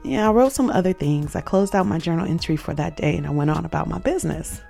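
A woman's voice: sits low, fast, creaky, mellow, faint music behind. A woman hosting a show, earnestly telling a personal faith story, reflective and emotional at its peaks.

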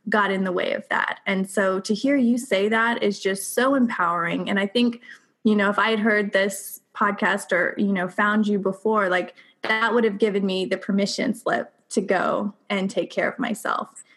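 A woman's voice: mid-range voice, fairly even intonation, normal speed, a bit bright. A woman hosting a podcast interview, affirming her guest and asking questions in a casual way full of fillers. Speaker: podcast host. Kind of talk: conversational interview.

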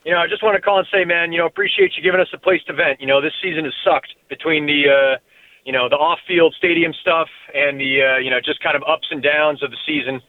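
A man's voice: fairly high pitch, steady tone, fast talker. A man calling in to a sports radio show, casual and laid-back. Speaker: caller. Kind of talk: call-in radio. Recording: tinny phone line.

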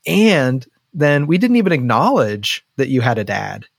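A man's voice: mid-range voice, sing-song, a little slow, creaky, no room sound, studio quality. A man hosting an interview, reflective and affirming, who often checks in with "right?". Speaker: host. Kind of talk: podcast interview and narration.

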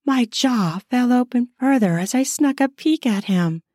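A woman narrates an erotic story in the first person, taking her time over every phrase. Her reading is slow and intimate, and the close, dry recording has no room sound around her voice. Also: a little high, lively intonation, mellow, no echo. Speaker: narrator and author.

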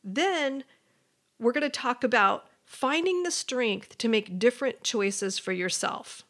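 A woman hosting a motivational podcast, speaking earnestly and encouragingly straight to her listeners as a life coach, sometimes dropping to a soft whisper. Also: a little high, animated, slow.

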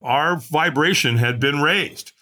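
Here he goes slowly, his voice pushed and bright, as he tells his story on a podcast. Dramatic to the core, he acts out quotes with sweeping pitch jumps in animated storytelling.

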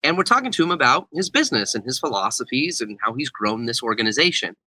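Bright-voiced young man telling a story. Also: medium pitch, fast, no echo, poor audio. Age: young adult. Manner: animated storyteller, acts out quotes. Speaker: guest speaker and author. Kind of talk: storytelling in an interview.

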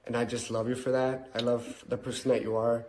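A man's voice: medium pitch, level tone, brisk, darkish tone, a little hiss or hum. A man giving an earnest, heartfelt birthday message.

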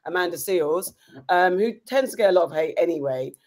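A woman's voice: on the low side, a little fast. Rambling woman podcast host. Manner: animated, rambling with restarts. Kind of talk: casual chat.

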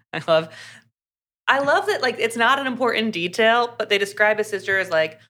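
A podcast co-host with a medium-pitched, sharp voice casually recaps a book's plot at speed, filling it with "like" and acting out the characters' lines.

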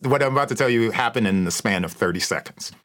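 A man, a guest who hosts a podcast, telling lively stories in conversation and acting out the people he quotes. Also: on the low side, fast. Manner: animated, acts out quoted voices. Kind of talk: storytelling conversation.

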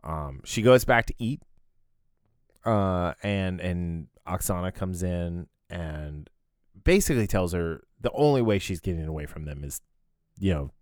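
A man's voice: low-pitched, lively intonation, measured pace, dry recording, clean studio sound. A man co-hosting a podcast, recapping an episode in loose casual chat full of restarts and fillers. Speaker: podcast co-host.

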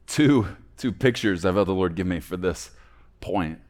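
Casting note: young male pastor, lowish voice, sermon delivery that rises to loud peaks and falls to hushed endings. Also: lively intonation, measured pace.

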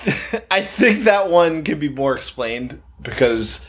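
Young male co-host with a slightly high voice, laughs through crude anecdotes. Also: very animated, takes it slowly, a bit bright. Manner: laughing, profane storytelling. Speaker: podcast co-host. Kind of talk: casual chat.

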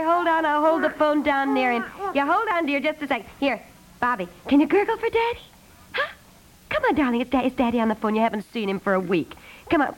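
A woman's voice: high-pitched, lightly acted, poor audio. An actress playing a chatty, affectionate young wife and mother in a 1950s radio comedy.

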